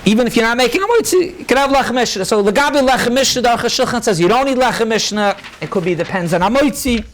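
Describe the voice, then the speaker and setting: A male rabbi giving a halachic lecture to a live audience. He explains briskly, quotes sources, answers questions and mixes many Hebrew and Yiddish terms into his English. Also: very high-pitched, animated, slight background noise. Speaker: rabbi teaching a class.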